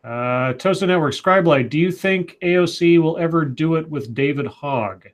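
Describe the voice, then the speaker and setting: A man in his forties co-hosting a casual livestream, reading viewer comments aloud with halting, stammering restarts. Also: a little high. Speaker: co-host.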